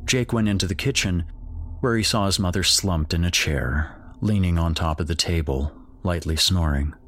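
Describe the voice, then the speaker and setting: A man narrating a scripted horror story in a steady, measured way. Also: low voice.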